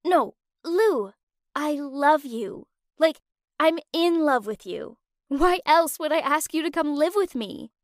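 A woman voicing an earnest young woman who speaks hesitantly, with pauses and fillers. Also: high-pitched, animated, no echo, clean studio sound, voice pushed up. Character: earnest young woman, model, shy friend.

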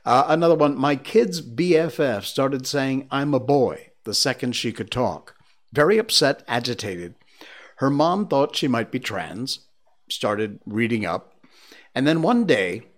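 A man hosting a livestream in casual chat, reading odd stories aloud with spooky asides. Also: medium pitch. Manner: slow, animated reader with spooky asides. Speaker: livestream host.

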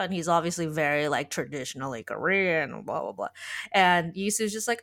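A woman's voice: on the low side, lively intonation, normal speed, a bit bright. A woman podcast host in casual chat, retelling a story in a rambling way full of "like.". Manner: rambling, heavy use of filler "like".

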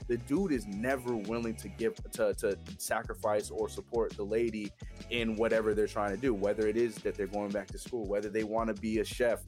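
Fast-talking man in casual podcast chat. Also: on the low side, fairly even intonation, a little mellow, faint music behind. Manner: rapid, rambling, frequent restarts. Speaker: podcast co-host.

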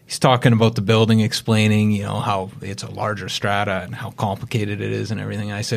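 A man's voice: on the low side, little pitch movement, fast talker, creaky, few pauses, slight background noise. Man, realtor and co-host, loose rambling anecdotes. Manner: rambling storyteller with restarts. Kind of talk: casual chat.

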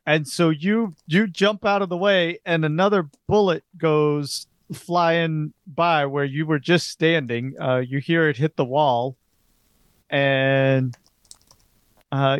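A man's voice: a little high, steady tone, takes it slowly, clear, resonant tone, no echo. A man narrating as game master of a tabletop horror game, describing scenes hesitantly with many fillers.

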